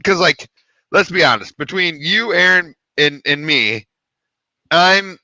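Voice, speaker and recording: A man's voice: on the high side, slow pace, no room sound, highs cut off. A man casually telling a rowdy story, swearing freely and acting out the other people in it. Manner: animated, swearing, acts out quoted voices. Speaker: podcast co-host.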